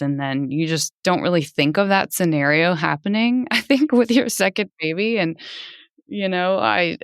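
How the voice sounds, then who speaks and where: A woman in her thirties, a podcast guest, telling a personal story in an animated way, laughing often and jumping high when she quotes people. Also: smooth, dry recording, studio quality.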